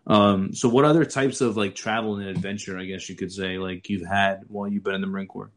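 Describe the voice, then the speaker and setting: A young man hosting a casual chat, telling stories in a loose, animated way. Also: low-pitched, fairly quick. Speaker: podcast host.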